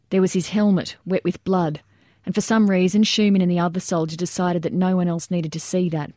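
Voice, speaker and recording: Mellow-voiced woman narrating an audiobook. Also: on the low side, no echo, studio quality.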